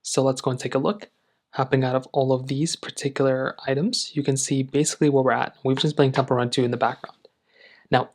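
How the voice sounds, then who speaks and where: A male tech reviewer talks viewers through his test in an easygoing, meandering way. His voice sits at an ordinary middle pitch, and he leans on filler phrases as he goes. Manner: relaxed, rambling with filler phrases. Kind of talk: casual tech review narration.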